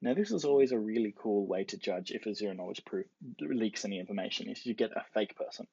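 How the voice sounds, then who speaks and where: A man lectures in a relaxed, explanatory way and playfully acts out the characters he quotes. His voice is husky with a gravelly edge. The recording is dull and lo-fi, with a dry sound. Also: fairly low pitch, quick pace, no echo.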